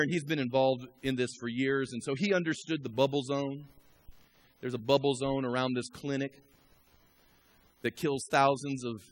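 A man preaching a storytelling sermon who swings from a hushed murmur to shouting and exhorts the congregation directly. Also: medium pitch, no echo.

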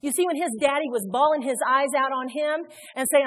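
This Indiana woman's voice sits high and runs fairly quick, with hardly any pauses. She is preaching emphatically in a church sanctuary, acting out those she quotes, and the recording carries a long hall reverb.

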